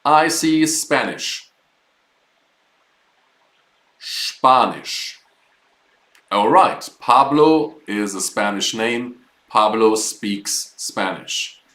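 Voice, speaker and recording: A man's voice: lowish voice, extremely slow, pauses often, fairly bright tone, roomy sound, low-quality recording. A man teaching a live online German class, explaining words patiently step by step.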